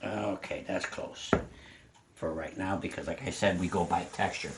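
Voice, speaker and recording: A man's voice: low-pitched, steady tone, normal speed, background noise. An older man giving a casual home cooking lesson to a child, patient and encouraging, explaining each step. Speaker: home cook teaching a grandchild. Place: home kitchen.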